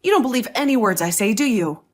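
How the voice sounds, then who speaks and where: A woman's voice: on the high side, expressive, quick pace, soft background music. A woman voicing a young wife who defends herself, defiant and sarcastic toward her husband, in a voiced drama story. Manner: indignant, sarcastic.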